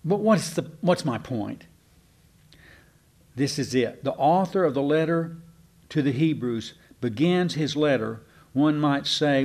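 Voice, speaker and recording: A man giving a folksy, digressive Bible teaching to a congregation, slowing down to stress key words. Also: a little high, lively intonation, darkish tone. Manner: folksy and digressive, slows down for emphasis. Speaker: preacher.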